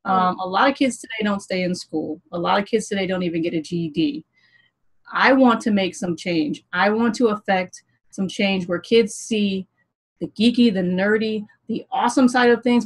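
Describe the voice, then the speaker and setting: A woman's voice: mid-range voice, poor audio. A woman hosting a gaming livestream panel. She talks to viewers in an earnest, rallying way and swears casually. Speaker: host.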